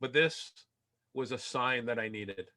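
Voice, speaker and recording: Bright-voiced man telling a story. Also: mid-range voice, unhurried. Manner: animated, self-deprecating storyteller who acts out quotes; turns soft and earnest in emotional passages. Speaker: keynote speaker. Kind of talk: motivational storytelling talk.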